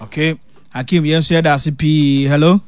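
A man hosting a call-in radio show, taking callers and reading out phone numbers slowly. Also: fairly high pitch, fairly even intonation.

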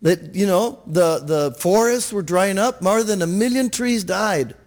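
A man's voice: sits high, a little slow, darkish tone. A man preaching a sermon in church, earnest, often restarting his words and asking "Amen?". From Texas, USA. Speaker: pastor.

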